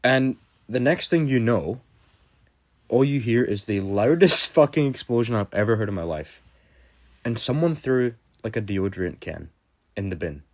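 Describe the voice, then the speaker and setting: A young man telling a storytime vlog in a casual, rambling way, full of fillers and swearing. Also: mid-range voice. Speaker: vlogger.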